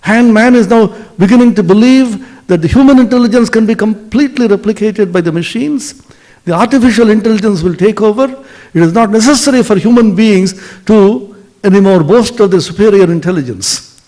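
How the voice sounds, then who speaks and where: A man giving a spiritual lecture, telling stories expressively and dropping to soft tones for emphasis. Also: high-pitched, a little fast.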